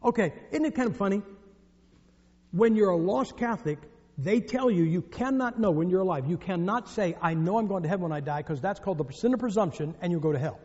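A man from the northern United States preaches a sermon, his high voice lively in intonation, brisk, and darkish in tone. He jokes and tells stories with emphatic delivery, recorded in an echoey hall with dull lo-fi sound.

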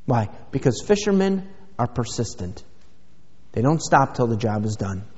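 A man's voice: mid-range voice, big pitch swings, normal speed, a little mellow, husky. A man pastor preaching a sermon, emphatic and driving his points home with rhetorical questions. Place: church sanctuary. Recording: dull lo-fi sound with long church reverb.

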